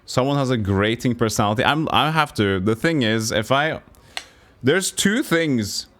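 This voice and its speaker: A Norwegian man streaming a puzzle game, thinking aloud in halting, self-correcting English. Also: mid-range voice, lively intonation, fairly bright tone. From Norway. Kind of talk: live game commentary.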